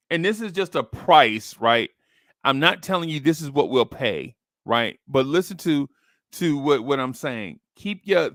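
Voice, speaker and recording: This man hosts a podcast, talking loosely about basketball trades and performing made-up phone calls with a streetwise delivery. His mid-range voice has lively intonation and a slightly bright tone, unhurried, in a clean studio recording without room sound.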